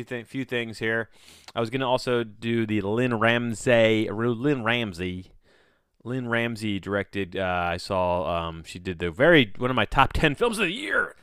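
A man's voice: on the low side, a bit bright, clear, resonant tone, no room sound, studio quality. A man hosting his own podcast, talking in a rambling, offhand way on a home mic and often breaking off mid-sentence. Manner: rambling, offhand, self-interrupting. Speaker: podcast host. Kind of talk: casual solo podcast monologue.

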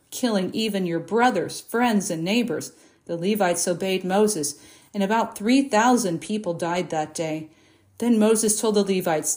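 A woman reading a Bible passage aloud in a measured, expressive way, lifting her voice for the quoted speeches. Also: mid-range voice. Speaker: Bible reader. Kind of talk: scripture reading.

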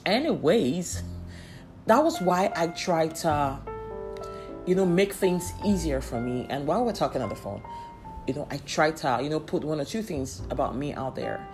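A woman's voice: low-pitched, lively intonation, moderate pace. A young woman telling a story in a sassy, chatty way and laughing often. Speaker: vlogger. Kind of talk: casual storytelling. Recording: faint music underneath.

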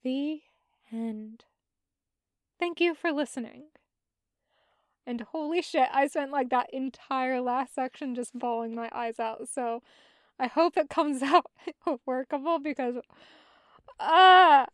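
A woman reading fan fiction aloud as a podfic narrator, soft and tender. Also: sits high, slow pace, long pauses, smooth, no echo, clean studio sound. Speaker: podfic reader.

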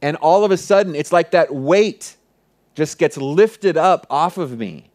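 A man's voice: a little high, lively intonation, measured pace. Earnest man telling a story in a sermon. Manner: earnest, vivid retelling with many soft hushed passages. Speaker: pastor.

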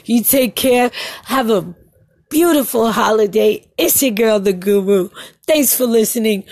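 A woman from Brooklyn leaving a casual voice message, telling an animated family story and laughing often. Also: on the high side, unhurried, no echo. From Brooklyn, New York.

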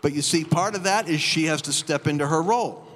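Middle-aged male preacher, a bit high-voiced, dramatic live sermon, echoing hall. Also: fairly quick. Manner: animated, dramatic storyteller. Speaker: guest preacher. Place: church auditorium. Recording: long reverb of a church hall.

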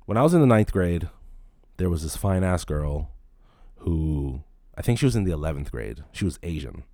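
A man's voice: deep voice, sing-song, normal speed, warm tone, no room sound, clean studio sound. A man in his late twenties, a podcast host, telling a rambling, profane story in casual talk.

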